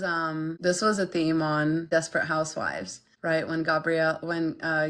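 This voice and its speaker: Young female streamer, low-ish voice, frank and blunt, casual chat with viewers. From Ukraine. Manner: frank, blunt, filler-heavy, lots of "like". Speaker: podcast host reading chat.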